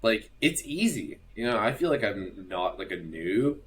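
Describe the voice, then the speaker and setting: A young man who is a digital artist, speaking as a guest on a casual podcast. He talks excitedly, swears, and fills his speech with like and you know. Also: fairly low pitch, normal speed. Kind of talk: casual chat.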